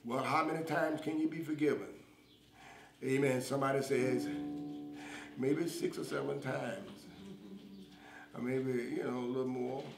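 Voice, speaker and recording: A man's voice: medium pitch, fairly even intonation, measured pace, pauses often. A man preaching a sermon with fervent emphasis and repeated call-outs to his listeners. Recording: echoey room with music behind. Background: guitar music.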